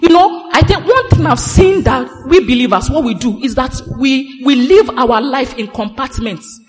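A woman preaching a sermon, animated and sing-song, slowing down to stress scripture. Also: high-pitched. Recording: reverberant hall with faint music.

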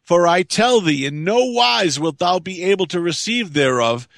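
A man's voice: high-pitched, expressive, normal speed, gravelly, a bit bright, no room sound, studio quality, exaggerated voice. A man reading as the angel Michael, solemn messenger. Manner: solemn, authoritative, archaic speech.

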